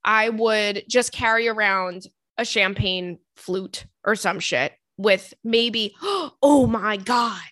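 A woman's voice: medium pitch, fairly even intonation, slow pace, hardly any pauses, bright, forceful tone, no room sound, clean studio sound. A young woman hosting a casual show, reading listener letters aloud and giving chatty, profane advice. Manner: chatty, swears casually, shrieks and laughs. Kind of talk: casual chat.

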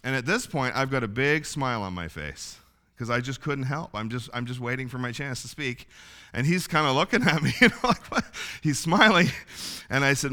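A male pastor delivers a sermon in a relaxed, folksy storytelling manner. His voice is bright and forward, and he laughs softly now and then as he talks. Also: medium pitch, moderate pace. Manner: folksy storytelling, chuckles often.

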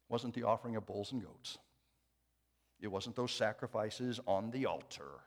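A man preaching a sermon, moving from hushed, quiet phrases to loud emphatic declarations, with light jokes for the congregation. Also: lowish voice, moderate pace.

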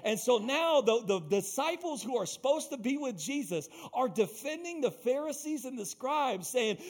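A male pastor delivers a sermon in a notably high voice. He preaches with emphasis, driving points home through repetition and direct calls to his listeners. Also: animated, normal speed, hardly any pauses. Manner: emphatic, repeats phrases and calls out to the congregation.

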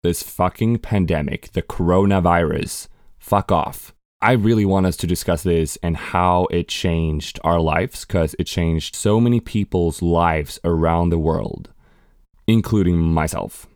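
A man's voice: low-pitched, unhurried, darkish tone, no echo, clean studio sound. A man in his twenties from Sweden with a learned American accent, hosting a casual solo podcast, chatty and candid, swearing casually and laughing at himself. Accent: American English learned by a Swedish speaker. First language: Swedish. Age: 20s. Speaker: podcast host.

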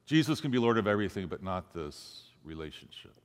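A man's voice: low-pitched, big pitch swings, a little fast. A man preaching a sermon as a pastor, telling a story and acting out the voices of the people in it. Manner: storytelling, acts out quoted speech. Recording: long hall reverb.

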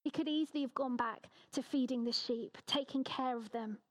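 Earnest higher-voiced woman preaching. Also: moderate pace. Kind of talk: sermon.

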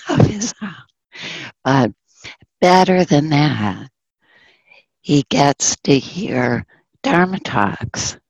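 A woman giving a dharma talk, gently telling a story and dropping into soft whispers. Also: low-pitched, breathy edge, no echo, poor audio. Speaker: Buddhist dharma teacher.

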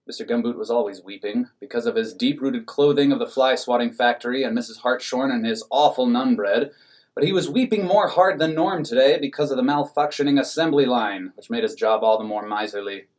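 A man narrating an absurd comic story in a deadpan, matter-of-fact way. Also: medium pitch, fairly quick.

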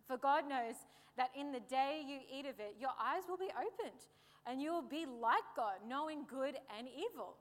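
A woman's voice: high-pitched, animated, normal speed. A woman preaching a sermon in a playful, conversational way, joking with the congregation. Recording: reverberant hall.

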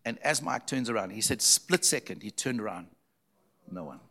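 Low, gravelly-voiced preacher telling a story. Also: male voice, expressive, moderate pace, bright, forceful tone. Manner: earnest, repeats phrases for emphasis. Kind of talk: storytelling testimony.

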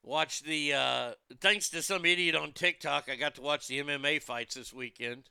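A man's voice: fairly high pitch, moderate pace, creaky, bright, forceful tone, smooth, no room sound. A man rambling casually about food, movies and wrestling, blunt and profane, with many restarts. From United States.

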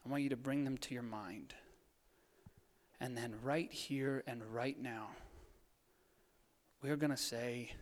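A man preaching a sermon, moving between quiet hushed lines and fired-up urging, with a playful streak. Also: medium pitch. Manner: playful, laughs at his own jokes. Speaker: pastor. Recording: long hall reverb.

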